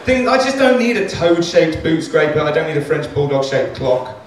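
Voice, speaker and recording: A man works through a stand-up set in a club, rambling and self-deprecating, with plenty of swearing. His voice sits a little higher than most men's. He was recorded from far off in a very echoey room, with faint room noise behind him. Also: sing-song, normal speed. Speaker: stand-up comedian. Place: comedy club stage.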